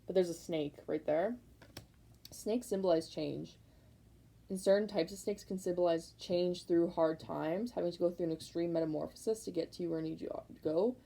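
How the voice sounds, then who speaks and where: Young woman reading tarot cards, gravelly low voice, keeps repeating herself, lots of likes. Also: moderate pace, poor audio. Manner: rambling, repetitive, emphatic, many likes; excited, fired up. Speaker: tarot reader.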